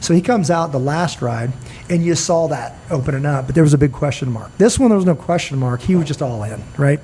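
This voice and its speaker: A man's voice: a little high, expressive, fairly quick, mellow. A middle-aged man hosting a podcast, telling a long story in a rambling, earnest way and acting out what people said. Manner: rambling, earnest, acts out quoted dialogue. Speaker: podcast host. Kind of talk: casual storytelling chat. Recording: faint background noise.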